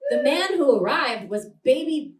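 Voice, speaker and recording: A brash young woman doing stand-up on a handheld mic, her voice sitting a little high for a woman. She rambles and laughs through her lines. The sound is roomy and heard from some distance off. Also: expressive, a little slow, background noise. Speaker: stand-up comedian. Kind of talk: stand-up comedy set. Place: live comedy show in a small venue. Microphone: handheld stage mic.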